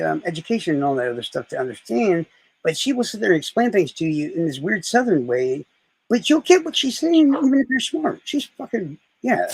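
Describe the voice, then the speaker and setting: Male streamer, casual chat; rough, husky voice, rambling delivery. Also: a little high, no echo, low-quality recording. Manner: rambling, profane storytelling.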